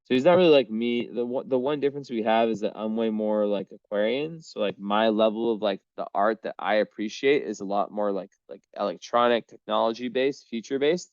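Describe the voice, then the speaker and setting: A man's voice: lowish voice, brisk, hardly any pauses, no echo. Young man, casual astrology chat, rambling and filler-heavy, dry dull lo-fi sound. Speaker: astrology reader.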